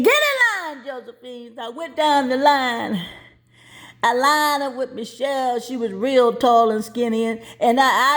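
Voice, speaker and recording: Woman storyteller, high voice, folksy colloquial delivery, lively spoken-word performance. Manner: lively, acts out voices as she tells.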